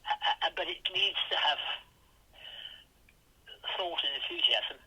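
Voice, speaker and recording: A man's voice: on the high side, animated, a little slow, sharp tone, slight background noise, rough recording. An older man with a posh English accent, telling rambling anecdotes as a podcast guest in a casual interview. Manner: rambling anecdotal storytelling with many restarts.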